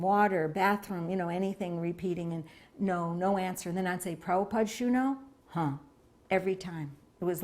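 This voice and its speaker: A woman's voice: lowish voice, a little mellow. A woman, a devotee, sharing a personal memory in an interview, telling it in an earnest, reflective way.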